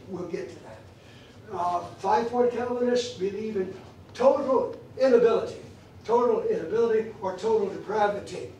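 A man's voice: high-pitched, moderate pace, mellow, a little hiss or hum. A man teaching a church theology class, emphatic and repeating phrases for stress, recorded in an echoey church room from far off.

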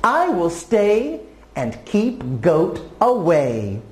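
A woman voicing a calm little storybook ant. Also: fairly low pitch, very slow, roomy sound, full character voice. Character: small helpful female ant, calm and sure.

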